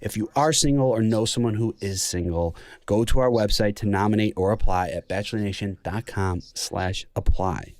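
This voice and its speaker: Brief: easygoing male host with a lowish voice, recorded dry and close, rambling with fillers. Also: normal speed, darkish tone, no room sound. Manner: laid-back, many fillers. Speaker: podcast host. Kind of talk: casual chat.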